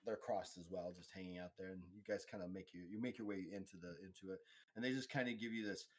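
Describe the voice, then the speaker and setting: A man's voice: low-pitched, fairly even intonation, quick pace, a little hiss or hum. A man narrating as game master of a tabletop role-playing game, rambling with many fillers and restarts.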